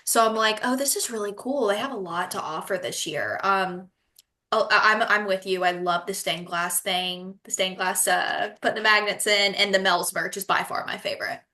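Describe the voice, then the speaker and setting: A woman's voice: mid-range voice, fairly even intonation, moderate pace, pushed and bright. A woman co-hosting a podcast over a video call, chatting casually, bubbly and laughing often with playful sarcasm. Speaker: podcast co-host. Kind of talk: casual chat.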